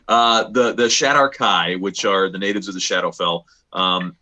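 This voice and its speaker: Low-voiced, chatty man running a game. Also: fairly even intonation, measured pace, bright, forceful tone. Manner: chatty, loose, many fillers and restarts. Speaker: game master. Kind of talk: narrating a tabletop game.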